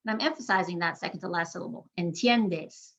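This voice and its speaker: A woman gives an online pronunciation lesson in a bright, clear voice. She draws out example words slowly and deliberately for learners to repeat. The audio is slightly dull and lo-fi. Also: lowish voice, expressive. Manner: slow, deliberate modeling of words for repetition. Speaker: Spanish teacher. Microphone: screen-share recording.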